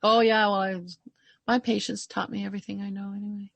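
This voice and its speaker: Lively storytelling woman doctor, dry sound. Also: medium pitch, quick pace, gravelly, dry recording. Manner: lively storyteller who acts out the people she quotes. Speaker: naturopathic doctor, guest. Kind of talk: casual podcast conversation.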